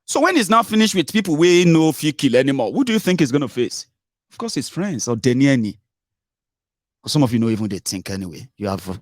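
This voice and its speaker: A Nigerian man offers scornful political commentary, blending English, Yoruba and pidgin as he swings from low grumbling to loud outbursts. The studio recording is clean with no echo.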